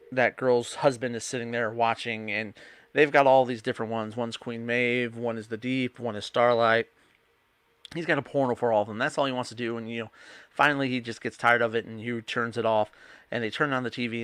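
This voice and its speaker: A man's voice: medium pitch, a bit bright, clear, resonant tone, no room sound. A young man hosting a podcast, rambling through a casual episode recap and quoting the characters' lines with many restarts. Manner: rambling, retells scenes with quoted lines and restarts. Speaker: podcast host.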